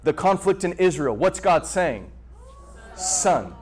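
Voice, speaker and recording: A man preaching a sermon to a congregation in an animated way, repeating words and pausing for effect. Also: fairly high pitch. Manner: animated preaching with repetitions and dramatic pauses. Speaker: pastor.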